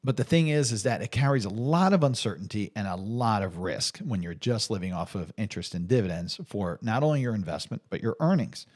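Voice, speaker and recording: A middle-aged man with a somewhat low voice talks through retirement numbers as a financial planner. He speaks conversationally and off the cuff. He restarts sentences often and fills pauses with "um" and "you know.". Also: animated, darkish tone. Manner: conversational, many restarts and fillers, pitch rising on emphasis. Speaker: financial planner hosting an advice video. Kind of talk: unscripted explanatory talk.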